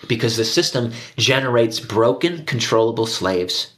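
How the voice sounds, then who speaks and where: A man's voice: medium pitch, expressive, moderate pace, fairly bright tone. A man hosting his own video, delivering a heated profane rant straight to his viewers and repeating himself for emphasis. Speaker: conspiracy video host.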